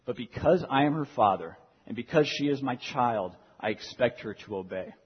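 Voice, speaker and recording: Young male pastor, earnest sermon delivery, slightly husky, lo-fi recording with long hall reverb. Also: mid-range voice, lively intonation, moderate pace. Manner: earnest, repeats key phrases for emphasis. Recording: dull lo-fi sound in a reverberant hall.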